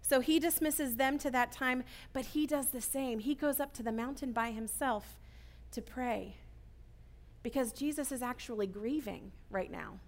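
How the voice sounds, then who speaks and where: Speaking in a slightly high voice, a woman preacher delivers an earnest sermon. She often pulls her listeners along with a quick "right?"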